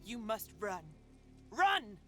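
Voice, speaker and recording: A woman's voice: a little high, sing-song, takes it slowly, soft background music. An actress voicing a desperate elf woman prisoner in a video game, pleading frantically. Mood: urgent.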